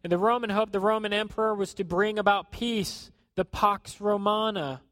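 A man preaching a sermon in a conversational way, acting out quotes and dropping to a hushed tone at times. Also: sits high, fairly even intonation, moderate pace, no echo. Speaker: pastor.

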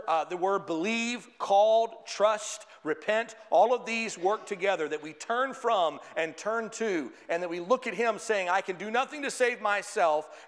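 Pastor preaching emphatically in a reverberant hall. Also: male voice. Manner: emphatic preaching, building up in pitch and volume on key points. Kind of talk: sermon. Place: church sanctuary. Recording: long reverb of a church hall.

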